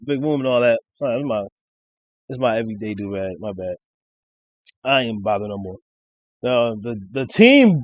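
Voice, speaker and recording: A man, rambling casually through a rap battle recap and reciting lines excitedly. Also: no room sound. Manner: rambling, excited, quotes bars with rising pitch.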